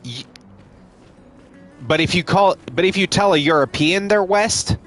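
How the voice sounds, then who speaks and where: A man's voice: high-pitched, animated, a little slow, fairly bright tone. A man casually commenting on a game he streams live, joking and swearing, with game music behind.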